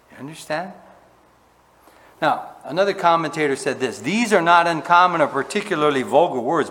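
A man preaching a sermon, asking his listeners questions and swinging between loud emphasis and quiet, low asides. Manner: asks the congregation questions. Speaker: pastor. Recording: long hall reverb.

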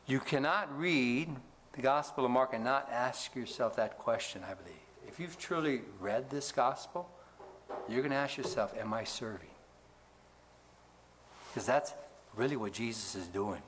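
A man's voice: normal speed, fairly bright tone. Man preaching a sermon, faint noise. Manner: asks the congregation to fill in words; rises in pitch for emphasis, drops low to close points. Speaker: pastor.

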